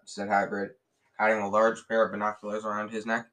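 A man reading a novel aloud in a lively way, often slipping and restarting words. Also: lowish voice, quick pace, rough recording. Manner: lively, with frequent slips and restarts. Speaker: reader.

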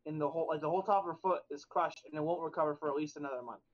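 A man's voice: a little high, fairly even intonation, racing. A young man co-hosting a podcast, telling stories in a rambling way with lots of fillers and restarts. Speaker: podcast co-host. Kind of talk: casual chat. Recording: dull lo-fi sound.

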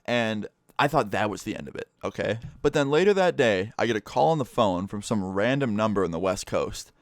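A young man, a gaming streamer, telling a story in a casual, animated way with lots of swearing. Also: fairly low pitch, fairly quick, no echo, clean studio sound. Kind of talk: storytime vlog.

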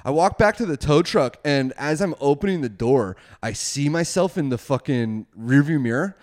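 A man's voice: on the high side, animated, a little fast, few pauses, a little mellow. A young man casually telling a wild story, rambling, swearing a lot and laughing often.

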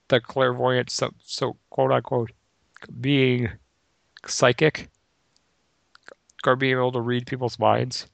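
Gravelly-voiced man in casual chat. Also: mid-range voice, a bit bright, dry recording. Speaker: podcast co-host.

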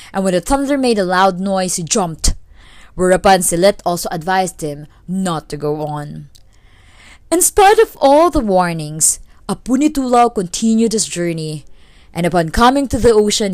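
A woman's voice: lowish voice, dry recording. Woman reading a folk tale aloud. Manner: steady, clear read-aloud. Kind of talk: storytelling narration.

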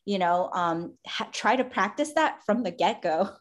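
A woman's voice: medium pitch, expressive, a little slow. A woman with a mid-range voice chats casually in a loose, rambling way, full of fillers. She comes across as agreeable and easygoing, like a coach talking shop with a friend. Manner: warm, agreeable, rambling with many likes. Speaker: podcast host and coach. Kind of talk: casual chat.

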